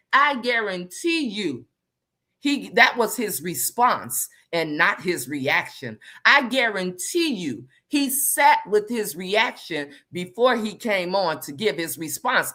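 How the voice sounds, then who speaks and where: A woman hosting a casual live chat, animated and slangy, greeting viewers by name as she talks. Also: a little high. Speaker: livestream host.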